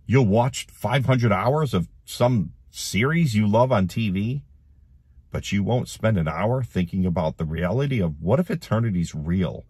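A deep-voiced man with a husky edge pleads urgently with the camera, circling back on his words. His voice sounds close and dry, with no room around it. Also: expressive, unhurried, a little mellow, dry recording. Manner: urgent, pleading, repeats himself. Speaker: online preacher. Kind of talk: gospel appeal to camera.

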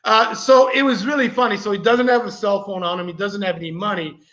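A man's voice: sits high, steady tone, fast talker, sharp tone. A man hosting a vlog, telling a rambling story to his viewers in a casual, chatty way. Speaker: vlogger host. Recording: echoey, slightly dull recording.

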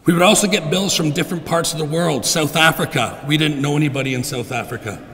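A middle-aged man giving a heartfelt funeral eulogy for his father in a church, clearing his throat often. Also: on the high side, quick pace, pushed and bright, slight background noise. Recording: long reverb in a church.

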